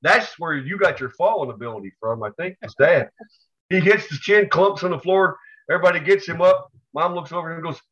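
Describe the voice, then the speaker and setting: A man co-hosting a casual podcast, telling family stories in an animated way and acting out the people in them. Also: fairly high pitch, brisk. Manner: animated storyteller, acts out family members with yells. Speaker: podcast co-host. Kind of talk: casual storytelling chat. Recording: dull lo-fi recording.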